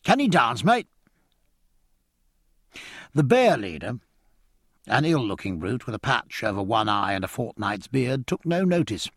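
A man narrating a story in a measured storytelling manner. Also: fairly low pitch, sing-song, slightly rough, dry recording. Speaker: audiobook narrator. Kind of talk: scripted narration.

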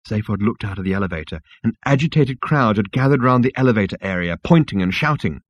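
A man narrating a comic audiobook in a wry, expressive storytelling manner. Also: fairly low pitch, quick pace, few pauses, no room sound, muffled recording.

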